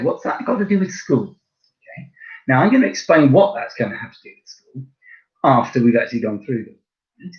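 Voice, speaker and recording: A man teaching a French lesson to primary pupils, chatty and encouraging, spelling words out letter by letter. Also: a little high. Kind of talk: recorded online lesson. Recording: slightly dull lo-fi recording.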